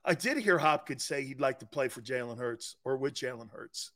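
A man's voice: mid-range voice, moderate pace. A middle-aged man hosting a sports talk show, arguing his takes in an emphatic, opinionated way with little chuckles. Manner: animated, emphatic, argumentative with chuckles.

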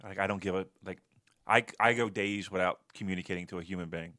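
A man co-hosting a podcast in casual chat, animated and profane, breaking into loud rants. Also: sits low, quick pace. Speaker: podcast co-host.

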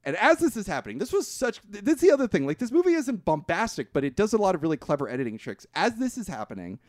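A man's voice: high-pitched, sing-song, quick pace, no echo, studio quality. A man co-hosting a podcast, retelling a film's plot in casual chat, swearing freely and restarting his sentences. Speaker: podcast co-host. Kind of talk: casual movie recap chat.

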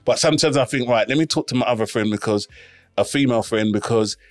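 A man, co-hosting a podcast in relaxed, slangy casual chat. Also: mid-range voice, fast talker, dry recording, faint music behind. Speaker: podcast co-host.

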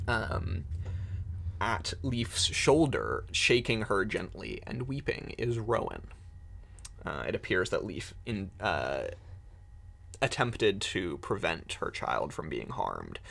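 A man narrating a tabletop game as game master, slow and descriptive with hesitant fillers. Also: sits low, huge pitch swings, creaky, a bit bright.

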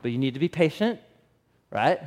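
A man in his thirties delivers a sermon, animated and chatty, often checking in with his listeners. His voice sits a little high for a man. A long reverb trails each phrase, as if he is speaking in a large hall. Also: normal speed. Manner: animated storyteller with laughs and asides to the audience. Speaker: pastor.

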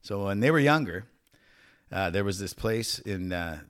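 A man's voice: lowish voice, animated, normal speed, fairly bright tone, clean tone. A man co-hosting a podcast, telling a crude, laughing story in casual chat. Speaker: podcast co-host.

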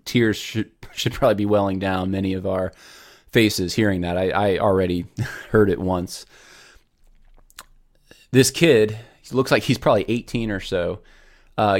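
A man hosting a casual commentary show, earnest and rambling with many restarts. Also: deep voice.

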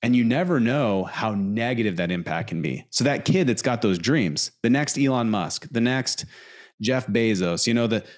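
A man in casual conversation, telling stories with lots of fillers, in an animated way. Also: mid-range voice, moderate pace. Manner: animated storyteller, fillers like dude. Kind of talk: casual chat.

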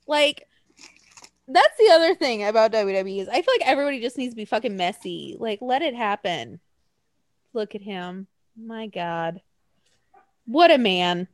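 A young woman co-hosting a casual podcast, animated and laughing often, swearing freely. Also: on the high side, normal speed, long pauses, no echo, clean studio sound. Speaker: podcast co-host. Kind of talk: casual chat.

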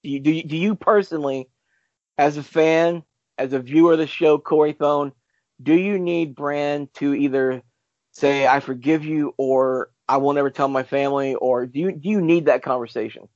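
A man hosting a casual podcast chat, animated and arguing his point with rhetorical questions. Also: fairly high pitch, normal speed, no room sound. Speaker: podcast host. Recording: dull lo-fi sound.

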